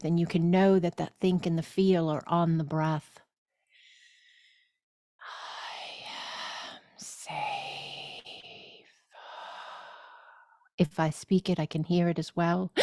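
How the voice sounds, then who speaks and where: A woman leading a spiritual course, speaking deliberately and soothingly with loud gasping inhales and repeated phrases. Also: fairly low pitch, no echo, clean studio sound. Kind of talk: slow guided spiritual teaching.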